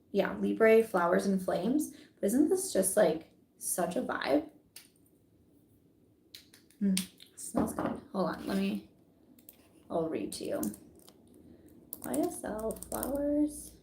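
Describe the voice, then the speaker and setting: A woman's voice: mid-range voice, animated, slow, gravelly, pauses often, mellow, slight background noise. Chatty giggly woman in an echoey room. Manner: giggly, chatty, says "like" often. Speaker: beauty vlogger. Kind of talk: casual product review chat.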